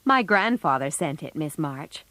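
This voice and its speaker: Shy, polite teen boy, read by a woman in her own voice; slow, dry storybook delivery. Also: low voice, very animated, pushed and bright, dry recording, pitched below the performer's own voice, heavily acted.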